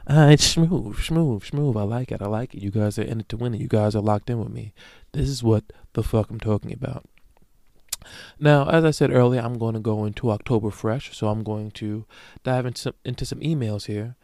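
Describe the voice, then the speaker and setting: A man's voice: lowish voice, fairly even intonation, a little fast, creaky, dark tone, no room sound, studio quality. A man hosting his own podcast in a casual solo monologue, brash, profane and joking as he talks straight to his listeners. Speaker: podcast host.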